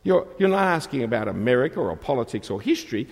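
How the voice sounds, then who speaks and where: A man's voice: medium pitch, sing-song, quick pace, breathy edge. A man preaching a sermon, emphatic and rhetorical, asking his listeners questions. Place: church. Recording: long reverb of a large hall.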